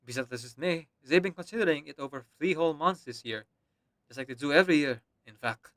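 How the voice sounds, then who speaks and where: A man's voice: fairly high pitch, fast talker, fairly bright tone, natural voice. A man voicing an exasperated young male office clerk with a put-on French accent, reading game dialogue aloud. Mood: sardonic.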